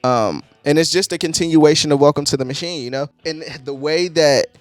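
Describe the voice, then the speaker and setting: A man's voice: a little high, brisk, no echo. Man, album reviewer, casual profane talk, laughs a lot, dry close sound. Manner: profane, laughs often, excitable bursts. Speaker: album reviewer, channel host.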